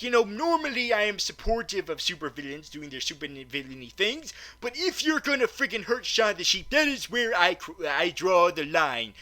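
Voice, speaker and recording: A man's voice: high-pitched, big pitch swings, normal speed, few pauses, sharp tone. A man doing a comedic movie recap, stammering often and breaking into mock-outraged, swearing rants.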